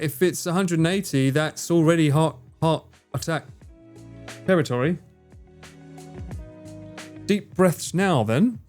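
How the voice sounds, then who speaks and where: A man's voice: fairly high pitch, darkish tone. A man chatting casually on a livestream, reading chat, swearing freely and bantering with a teasing tone.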